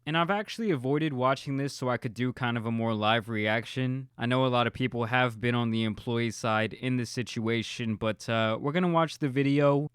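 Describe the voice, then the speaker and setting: A man's voice: mid-range voice, smooth, no room sound, clean studio sound. A man hosting an online reaction video, talking casually and earnestly with lots of "kinda" and "uh" fillers. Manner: earnest, conversational, frequent "uh" and "kinda". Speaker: YouTube reaction host.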